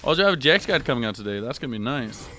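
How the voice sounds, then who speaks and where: A young man commentating his own gameplay on a live stream, swearing, trash-talking and yelling when excited. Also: medium pitch, very fast, a little hiss or hum. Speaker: gaming streamer.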